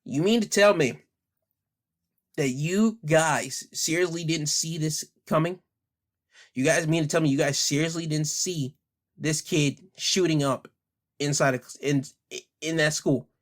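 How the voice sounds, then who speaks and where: A man's voice: a little high, measured pace, pauses often. A man hosting an opinion podcast, heated and blunt, hammering the same rhetorical questions and speaking in casual slang while holding back his anger. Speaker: podcast host.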